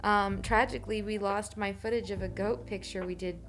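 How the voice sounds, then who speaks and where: A woman's voice: medium pitch, steady tone, normal speed, soft background music. Upbeat, enthusiastic woman chatting while drawing. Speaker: co-host drawing with a partner. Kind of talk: casual chat while drawing.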